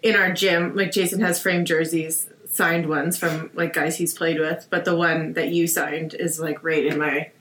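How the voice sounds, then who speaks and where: A woman chatting casually as a guest, full of "like" and quick laughs. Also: low voice, flat delivery, a bit bright, a little hiss or hum. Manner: chatty, peppers speech with "like" and laughs. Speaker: guest, wife of a player. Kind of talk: casual podcast chat. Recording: roomy echo.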